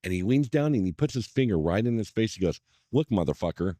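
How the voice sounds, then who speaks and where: Middle aged guy, lively sweary storyteller, voice jumps around, dry sound. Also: on the low side, quick pace, no room sound. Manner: animated storyteller, swears a lot, acts out quotes. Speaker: podcast co-host. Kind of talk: casual storytelling chat. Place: cigar lounge.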